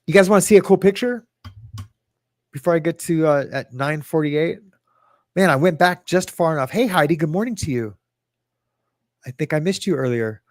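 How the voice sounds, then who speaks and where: Hosting a livestream podcast, a middle-aged man chats loosely, reads chat comments aloud and makes fun of himself while rambling. His voice is fairly high with lively intonation, a moderate pace and frequent pauses. The studio sound is clean, with no room sound.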